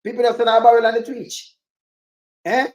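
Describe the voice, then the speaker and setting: A man with a Jamaican accent giving loose, animated reaction commentary on a clip, rambling and swearing as he goes. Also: very high-pitched, moderate pace. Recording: roomy echo.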